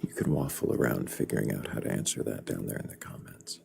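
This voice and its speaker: A man's voice: rumbling low, quick pace, creaky. A male host of a live stream, talking bluntly and sarcastically and swearing freely. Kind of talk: live stream debate chat.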